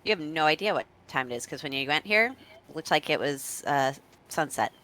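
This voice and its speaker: A woman runs a tabletop game, describing the scene to her players with a lively, rising and falling voice pitched a little low. She teases the group and laughs along with them. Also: a little fast. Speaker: game master.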